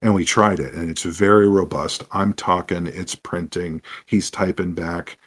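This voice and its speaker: Husky, low-voiced man telling a story. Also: a little slow. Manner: rambling, animated storyteller with restarts and asides. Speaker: guest, game master. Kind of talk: podcast conversation, telling stories.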